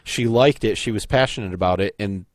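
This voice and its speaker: A man's voice: on the low side, fairly quick, no echo. A man co-hosting a podcast, chatting casually and making opinionated, pedantic points. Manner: opinionated, calls himself a pedant. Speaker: podcast co-host. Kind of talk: casual chat.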